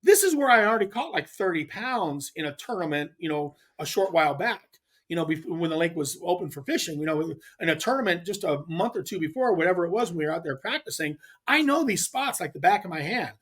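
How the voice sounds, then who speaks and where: A man, a guest on a talk show, telling a rambling story with animated, acted-out dialogue. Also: sits high, fast talker. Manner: animated, acts out quoted dialogue; rambling with restarts. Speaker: podcast guest, pro angler. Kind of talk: casual storytelling.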